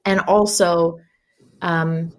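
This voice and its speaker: A woman's voice: lowish voice, steady tone, extremely slow. A woman in her thirties, a podcast guest talking candidly in a chatty way, often laughing. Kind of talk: casual podcast conversation.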